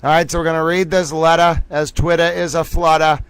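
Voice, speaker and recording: A man with a hard Boston accent hosts a live stream, speaking to his audience in a showy, theatrical way. His voice sits a little high and comes through smooth and clear. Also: little pitch movement, a little fast, fairly bright tone, no echo. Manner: theatrical, repeats catchphrases, addresses viewers directly. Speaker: livestream host.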